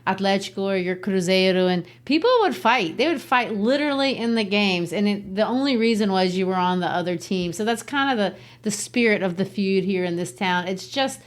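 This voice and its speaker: A woman's voice: medium pitch, expressive, fairly quick, few pauses. A woman from Brazil, co-hosting a podcast and explaining a play in a chatty, casual way. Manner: explains the text with chatty asides. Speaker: podcast co-host. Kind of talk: casual literature discussion.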